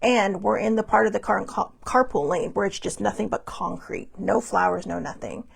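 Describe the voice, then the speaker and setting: A woman's voice: mid-range voice, moderate pace, vocal fry. A woman hosting a podcast, chatting casually and rambling through stories with lots of asides. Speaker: podcast host. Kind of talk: casual storytelling monologue.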